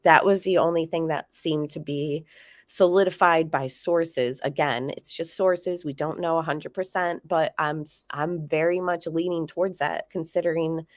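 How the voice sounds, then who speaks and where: A woman's voice: sits low, fairly even intonation, moderate pace, dry recording, clean studio sound. A woman hosting a casual true-crime livestream, chatting and greeting viewers while she has a cold that leaves her voice nasal and congested. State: sick, congested. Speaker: livestream host.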